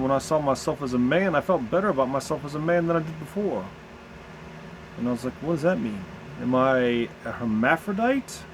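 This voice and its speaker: A man with a Southern American accent talking candidly into the camera in a personal vlog, halting and searching for words with many restarts. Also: on the high side, a little hiss or hum.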